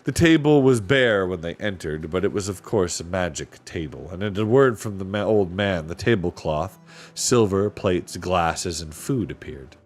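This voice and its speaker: A man reading a children's novel aloud as narrator, with expressive delivery. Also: low-pitched, normal speed, soft background music. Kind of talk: audiobook reading.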